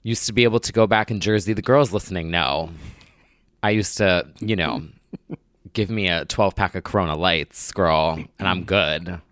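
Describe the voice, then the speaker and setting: A man's voice: sits low, normal speed, a bit bright, no room sound, clean studio sound. A young man co-hosting a podcast in a campy, gossipy way, sounding groggy and hungover. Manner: campy, gossipy, lots of likes. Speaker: podcast co-host. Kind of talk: casual chat.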